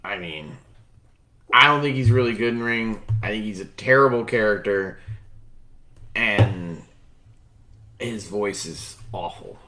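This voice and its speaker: A man's voice: on the low side, unhurried, long pauses, bright, forceful tone. A man co-hosting a wrestling podcast, talking bluntly and profanely in a rambling, casual way. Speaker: podcast co-host.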